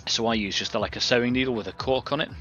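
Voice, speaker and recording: A man's voice: medium pitch, quick pace, bright, forceful tone, dull audio, soft background music. A man hosting a live painting stream, talking casually and rambling as he works and greets viewers from the chat.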